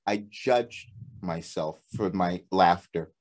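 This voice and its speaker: A man's voice: low-pitched, slow. A man who works as a channeler, telling a story in casual conversation with frequent laughter. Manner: animated storytelling, laughs often. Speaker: channeler and guest.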